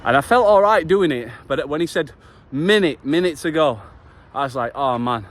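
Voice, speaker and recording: A man with a fairly high voice speaks in a motivational vlog, earnest and passionate, swearing now and then. He talks just after finishing a workout. A faint hum of traffic sits behind him. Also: lively intonation, moderate pace. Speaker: vlogger.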